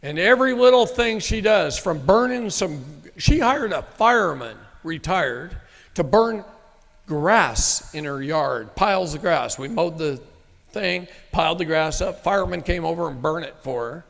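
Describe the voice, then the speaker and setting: A man's voice: fairly high pitch, expressive, a little slow, creaky, fairly bright tone. Blunt folksy man in a reverberant hall. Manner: blunt, folksy, emphatic, occasional cursing. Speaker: speaker at a live event. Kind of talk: storytelling to a live audience. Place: meeting room with an audience.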